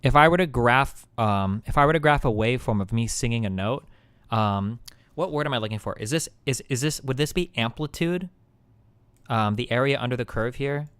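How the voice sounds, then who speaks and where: A male streamer explains a topic off the cuff, his mid-pitched voice smooth and resonant. He rambles and stumbles, often stopping to search for the right word. The sound is dry and close, with no room around it. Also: moderate pace, a bit bright, dry recording. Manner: rambling, searches for words, many fillers and restarts. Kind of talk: casual live-stream explaining.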